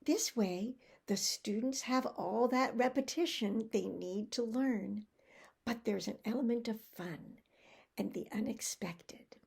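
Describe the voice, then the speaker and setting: A middle-aged woman giving a recorded teacher-training presentation, speaking slowly and deliberately in a teacherly way. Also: a little high, vocal fry, a little mellow, breathy edge. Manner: slow, deliberate teacherly delivery with acted drill examples.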